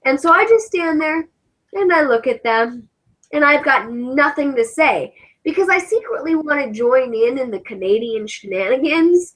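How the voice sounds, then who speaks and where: English-accented woman on a cosplay livestream, kinda high voice, swears a ton, gets all worked up. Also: moderate pace, low-quality recording. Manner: animated, profane ranting. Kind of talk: casual livestream chat.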